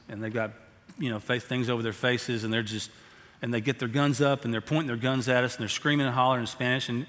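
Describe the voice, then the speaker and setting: A man preaching a sermon, telling a story and then building to slow, emphatic exhortation. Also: mid-range voice, a bit bright. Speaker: pastor. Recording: long hall reverb.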